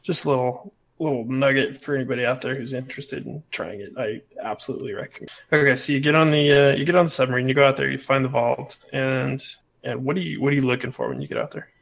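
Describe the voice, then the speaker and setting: A man's voice: mid-range voice, steady tone, fast talker, creaky, fairly bright tone. A man hosting a casual gaming chat, laid-back, asking follow-up questions.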